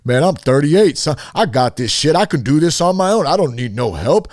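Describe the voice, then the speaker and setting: A man's voice: on the high side, sing-song, moderate pace, darkish tone, dry recording, clean studio sound. A man putting on the voice of a boastful, macho grown man who talks with brash swagger. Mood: cocky.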